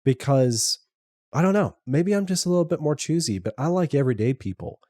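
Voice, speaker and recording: A middle-aged man with a mellow, dark voice, co-hosting a podcast in easy conversation. He stumbles over the start of his sentences and restarts them before landing the thought. The sound is dry and close. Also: on the high side, animated, brisk, dry recording. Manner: trips over words, many restarts. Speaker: podcast co-host and editor. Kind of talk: casual chat.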